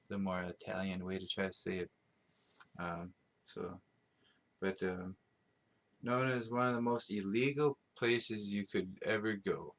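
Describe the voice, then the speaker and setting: Young male podcaster, slightly low voice, loose rambling delivery full of fillers and self-amused laughs. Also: a bit bright. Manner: rambling, many ums and restarts, laughs at himself. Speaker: podcast host. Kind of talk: casual solo podcast rambling.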